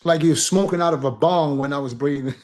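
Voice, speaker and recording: Man, slightly high voice, rambling profane anecdote teller for a casual chat show. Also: a little fast. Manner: animated, profane storyteller with laughs.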